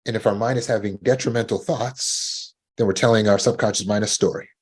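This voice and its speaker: A man's voice: on the low side, fairly even intonation, brisk, slightly rough. A man coaching listeners about panic, in a teaching talk, who acts out anxious inner voices in a rising tone and repeats words as he restarts. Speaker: trauma recovery coach.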